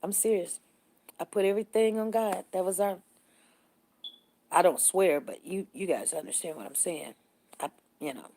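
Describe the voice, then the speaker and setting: A middle-aged woman hosts a relaxed morning live stream. She greets her viewers by name and chats with them in a friendly way. Her stories run animated, and she acts out the other people in them. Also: on the low side, normal speed, pauses often. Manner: animated storytelling, voices others in the story.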